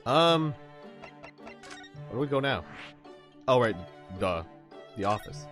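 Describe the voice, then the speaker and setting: A man's voice: medium pitch, lively intonation, slow pace, a bit bright, faint music behind. Playful man on a game stream. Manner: playful, self-deprecating, thinking aloud. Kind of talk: casual game let's-play commentary.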